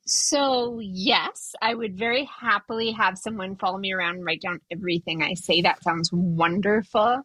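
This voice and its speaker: A woman's voice: medium pitch, moderate pace, hardly any pauses, bright, forceful tone, dry recording, rough recording. A woman on a podcast as a guest doctor, telling self-deprecating stories in a dry, wry way. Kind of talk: casual chat.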